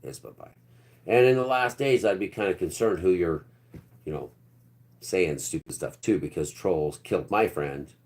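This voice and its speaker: A man in his fifties with a very low voice talks loosely to his livestream chat. He wanders from point to point and often drops into quiet mutters. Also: normal speed. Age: 50s. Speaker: livestream host. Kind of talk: rambling live-stream chat with viewers.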